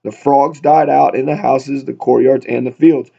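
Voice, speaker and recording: A man's voice: mid-range voice, steady tone, normal speed, creaky, dark tone. A man leading a casual Bible study, reading scripture aloud and then riffing on it with humor in a chatty way. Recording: dull lo-fi recording.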